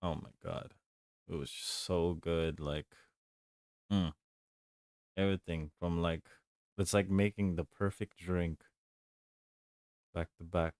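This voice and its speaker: A man's voice: deep voice, steady tone, slow, pauses often, a little mellow, dry recording, clean studio sound. A man streaming a game and chatting casually, rambling and laughing along the way. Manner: rambling, laid-back, chuckles often. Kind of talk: casual gaming stream chat.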